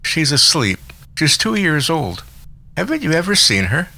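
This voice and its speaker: A man's voice: a little high, very animated, measured pace, vocal fry, sharp tone, voice pushed up, full character voice. Man voicing a gushing, breathless young woman.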